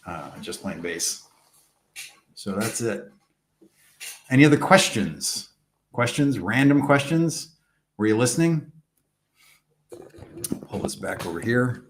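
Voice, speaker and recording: A man with a fairly low voice talks loosely to his live-stream viewers and drifts from one topic to the next. He fills his pauses with plenty of ums and uhs and keeps a laid-back, unhurried flow. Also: creaky, a little hiss or hum. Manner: rambling, relaxed, many fillers. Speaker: music channel host. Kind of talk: live stream chat answering questions. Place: rented room abroad.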